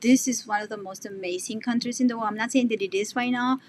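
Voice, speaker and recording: A woman's voice: a little high, fairly even intonation, fast talker, a little hiss or hum. A woman guest artist in a casual remote interview, effusive and talking in bursts with restarts.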